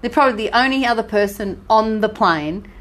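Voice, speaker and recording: An Australian woman co-hosting a podcast, telling a travel story in lively, casual chat. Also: fairly high pitch, a little fast. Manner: chatty, animated storytelling with laughs. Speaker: podcast co-host.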